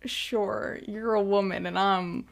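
A woman's voice: medium pitch, takes it slowly, gravelly. A woman co-hosting a podcast, retelling a movie scene by scene in casual chat and acting out the characters' lines. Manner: animated retelling with quoted character lines, frequent laughing. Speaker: podcast co-host.

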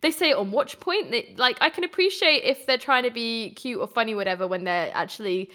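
A British woman chats on a podcast in a somewhat high voice, animated and giggly. She talks freely and laughs often as she goes. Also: brisk. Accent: British English. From Britain. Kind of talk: casual chat.

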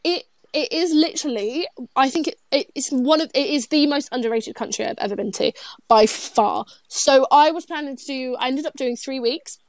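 A woman's voice: high-pitched, moderate pace, dry recording. A woman, chatting casually as a guest, giggly and rambling with lots of restarts. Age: 20s. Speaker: guest, traveler. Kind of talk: casual chat.

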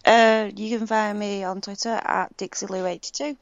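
A woman's voice: mid-range voice, steady tone, normal speed, lo-fi sound. A woman guest on a gaming podcast, speaking hesitantly in short answers. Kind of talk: casual gaming chat.

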